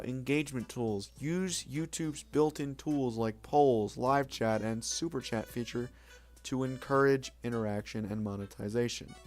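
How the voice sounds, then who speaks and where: A young man streaming late at night, chatting casually with viewers in a rambling, self-mocking way, swearing now and then. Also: mid-range voice.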